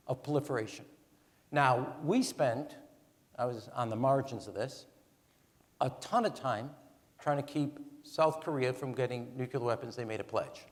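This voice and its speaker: A man in his sixties, a former ambassador, speaking onstage in an animated, emphatic way and counting off his points. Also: medium pitch. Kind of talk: onstage conversation. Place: large event hall. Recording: long hall reverb.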